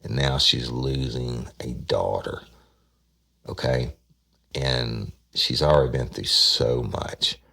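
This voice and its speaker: Telling a true-crime case on his podcast, a man rambles, repeats words, and acts out people's lines. His very deep voice moves slowly with vocal fry and a pushed, bright quality.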